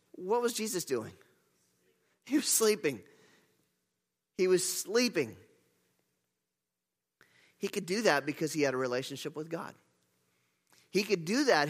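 Male pastor, high bright voice, emphatic conversational sermon, echoey church hall. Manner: conversational, emphatic with self-corrections.

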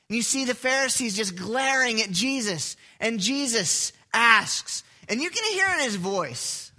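Male pastor, sermon, high, sharp voice, vivid storyteller. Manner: vivid storytelling, asks the congregation questions.

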